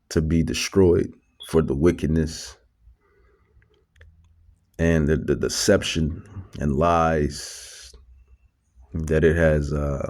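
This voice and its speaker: A man's voice: a bass voice, vocal fry, a little mellow. A man preaching a religious lesson, repeating words with many restarts and fillers, stressing scripture quotes. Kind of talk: religious teaching monologue.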